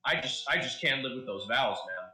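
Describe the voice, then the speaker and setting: A man's voice: medium pitch, lively intonation, moderate pace, bright, forceful tone, voice pushed down. A man doing a brash, crude adventurer. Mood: boastful. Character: brash worldly adult man, crude and lusty. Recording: roomy echo.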